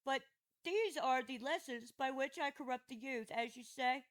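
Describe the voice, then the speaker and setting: A woman's voice: sits high, normal speed, lightly acted, rough recording. A woman narrating an audiobook voices an aging male philosopher who defends himself at trial with patient, ironic questions. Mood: ironic questioning. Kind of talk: audiobook reading of a classic dialogue.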